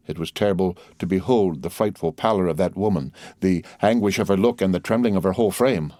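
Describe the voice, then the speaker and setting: A man's voice: low voice, a little fast, hardly any pauses, warm tone, dry recording, clean studio sound. Man narrating a classic novel audiobook.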